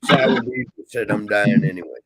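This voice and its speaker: A man's voice: lowish voice, moderate pace, vocal fry, no room sound, poor audio. A man rambling and swearing freely in a casual vlog monologue. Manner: profane, rambling, grumbling. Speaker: vlogger.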